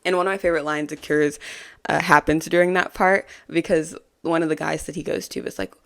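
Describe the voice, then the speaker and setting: A woman with a low voice hosts a casual podcast recap, rambling through an episode with frequent little giggles. Her talk is loose and filled with ums and likes. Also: fairly even intonation, a little fast, vocal fry. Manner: chatty and giggly, full of fillers. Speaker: podcast host.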